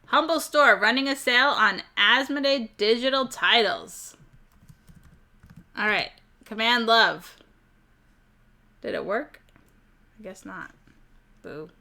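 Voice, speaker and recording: A woman's voice: on the high side, slow, long pauses, sharp tone. A woman hosting a live stream, chatting casually with viewers, giggling often and stumbling over words. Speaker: livestream host.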